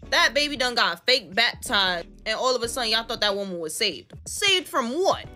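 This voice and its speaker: A woman's voice: fairly high pitch, expressive, brisk, pushed and bright, faint music behind. A woman ranting in a reaction clip, mocking and profane. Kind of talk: reaction commentary rant.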